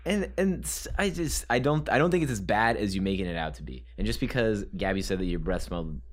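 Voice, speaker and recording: Male co-host, low voice, very lively pitch, teasing and blunt. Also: fairly quick. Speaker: podcast co-host. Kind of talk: casual chat.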